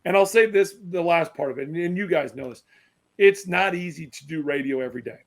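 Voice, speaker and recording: A man from Wisconsin, a former basketball player, chatting as a podcast guest in an animated, emphatic way. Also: a little high, a little fast, vocal fry. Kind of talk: casual podcast chat.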